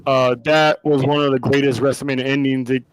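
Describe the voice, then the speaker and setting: A man's voice: medium pitch, little pitch movement, fairly quick, clear, resonant tone, dry recording, poor audio. A man co-hosting a podcast, talking in a casual, rambling way with restarts. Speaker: podcast co-host. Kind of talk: casual chat.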